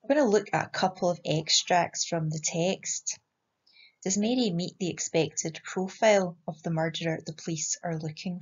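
A woman with a Scottish accent, an English teacher reading a short story aloud and then explaining it to pupils in a clear, measured way. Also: on the low side. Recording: slightly muffled lo-fi sound.

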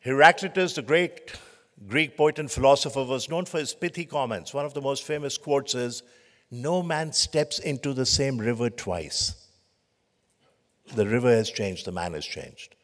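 A man lectures on leadership before a conference audience, his medium-pitched voice moving at a moderate pace with lively intonation. He narrates stories emphatically and strings short phrases into lists. The sound carries the long reverb of a lecture hall.

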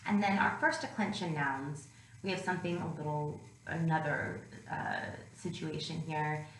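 A woman instructor explaining a grammar lesson in a recorded lecture, with frequent ums and uhs. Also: lowish voice. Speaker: classics instructor. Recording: echoey room with faint noise.

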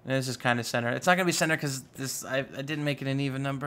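A man's voice: medium pitch, fairly even intonation, racing, pushed and bright, a little hiss or hum. A man giving casual, chatty commentary while playing a modded block-building game, rambling with playful asides. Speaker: Minecraft YouTuber.

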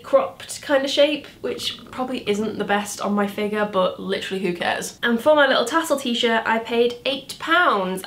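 A bubbly young woman talks to camera in a casual haul video, her voice sitting a little on the higher side. She chats away in a friendly, self-deprecating manner, as if catching up with a friend. Recorded indoors at home. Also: fairly bright tone. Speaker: vlogger.

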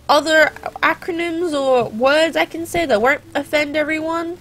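A teenage girl with a bright, high voice talks casually over her gameplay. She rambles and wanders into playful, sarcastic asides. Her voice sits well above most women's. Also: fairly even intonation, normal speed, soft background music. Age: teens. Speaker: gaming channel host.

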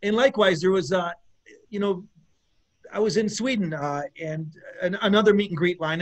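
A middle-aged man, a guest musician, talking loosely in an interview with lots of restarts. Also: high voice. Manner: rambling, with many restarts and laughs. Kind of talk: casual interview chat.

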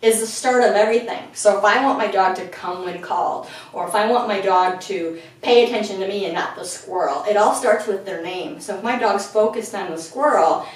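A woman dog trainer explaining steps clearly in an instructional video, filmed indoors at home and breaking into high sing-song praise. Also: a little fast, hardly any pauses. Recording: very echoey room, far from the mic.

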